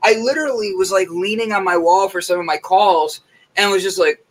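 A man's voice: sits high, brisk, poor audio. A man hosting a morning talk show, chatting casually and rambling through stories with many fillers. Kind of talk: casual chat.

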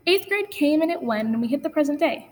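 A teenage student speaker with a high, animated voice talks fast, sharing an earnest, confessional personal story as spoken word. Guitar music plays, and a long reverb tail trails her words.

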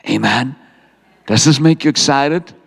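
Unhurried and gravelly, a middle-aged South African pastor sits at a middle pitch for a man as he preaches. He tells his story with lively energy, voicing God and himself in quotes, while a large hall's long reverb rings around his words.

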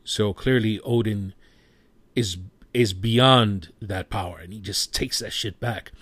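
A man's voice: fairly low pitch, slow pace, a bit bright, husky, dry recording. A man giving a casual spoken movie review, passionate and rambling, who swears freely.

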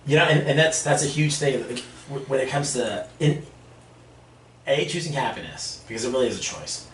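A man chatting casually, telling animated stories and laughing as he goes. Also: mid-range voice, brisk. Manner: animated, laughs through stories, acts out voices. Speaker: podcast guest. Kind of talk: casual storytelling chat. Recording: echoey room, mic at a distance, faint noise.

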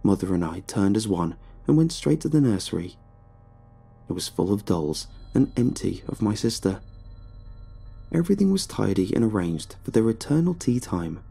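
Gravelly, dark-voiced man narrating horror. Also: fairly low pitch.

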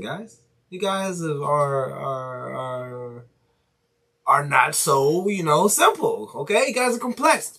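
A man hosting a casual solo podcast, reading news items aloud haltingly and chatting loosely, swearing freely. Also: on the high side, fairly bright tone, slightly rough. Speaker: podcast host.

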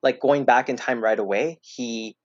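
A man's voice: medium pitch, moderate pace, dry recording. Rambling man on a dull, dry podcast mic. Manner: rambling, hesitant, full of restarts and fillers. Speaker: podcast guest. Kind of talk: casual podcast chat.

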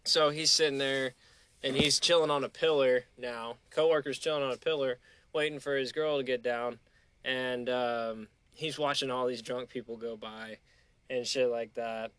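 A man hosting a podcast, telling a story in a casual, profane, animated way. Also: mid-range voice, normal speed, clear, resonant tone, no room sound. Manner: profane, animated storyteller who acts out quotes. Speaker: podcast host.

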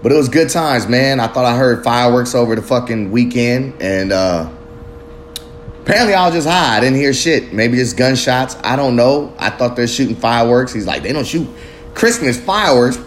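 A man rambles through a solo podcast, loose and profane, drifting between jokes and life lessons. His pitch sits mid-range for a man. A faint hiss of background noise lies under the voice. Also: normal speed. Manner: loose, profane, street slang, rambling reflective. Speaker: podcast host. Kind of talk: casual solo podcast monologue.

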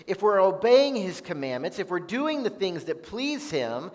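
A man preaching a sermon as pastor, earnest and unhurried, reading Bible passages aloud. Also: sits high, big pitch swings. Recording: long reverb of a large hall.

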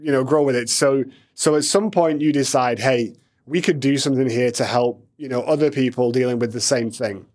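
A man hosting a casual studio conversation, relaxed and rambling with many fillers. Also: medium pitch, a little fast. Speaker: podcast host. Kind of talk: casual chat.

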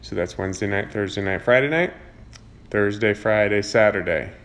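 A man's voice: fairly low pitch, moderate pace, fairly bright tone. A man reading scripture aloud and explaining it conversationally, stopping often to restart a thought. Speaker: Bible teacher. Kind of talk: casual scripture reading and commentary.

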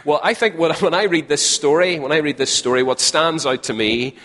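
A man's voice: fairly high pitch, a little fast, a bit bright. A man with a Northern Irish accent preaching a sermon to a live audience, chatty and joking, often repeating his phrases. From Northern Ireland. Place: large hall with a live audience. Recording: long hall reverb.

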